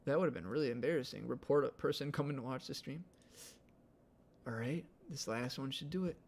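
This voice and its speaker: In a gravelly, medium-pitched voice, a Midwestern American man talks a little fast while hosting a casual live stream at home. His easygoing, meandering chat is full of "like."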